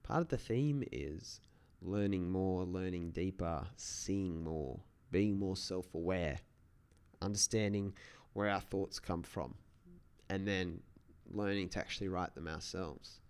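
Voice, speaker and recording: A man's voice: low-pitched, takes it slowly, a little mellow, clean tone. A man hosting a solo podcast, talking in a casual, rambling way with many restarts. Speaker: podcast host.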